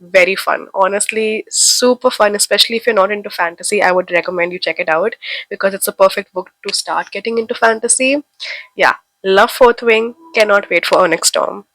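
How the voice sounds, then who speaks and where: A woman's voice: mid-range voice, a little fast, fairly bright tone, no echo, poor audio. A young woman from India with a head cold, chatting to camera as a book vlogger in an enthusiastic, gushing way. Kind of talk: casual chat to camera.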